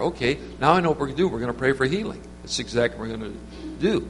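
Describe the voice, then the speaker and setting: A man's voice: mid-range voice, lively intonation, fast talker, hardly any pauses, a bit bright. Guy rambling through a casual sermon, long hall echo, faint hum behind. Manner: rambling, conversational, with many restarts and fillers. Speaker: preacher. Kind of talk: informal sermon with storytelling.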